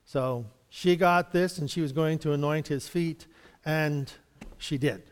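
A man's voice: a little high, unhurried, long reverb tail. A man giving an informal Bible study, chatty and rambling, chuckling often and acting out little exchanges. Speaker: Bible teacher.

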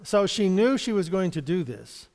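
A man's voice: sits high, very animated, moderate pace, darkish tone, big-room sound. A man giving an informal Bible study, chatty and rambling, chuckling often and acting out little exchanges. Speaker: Bible teacher.

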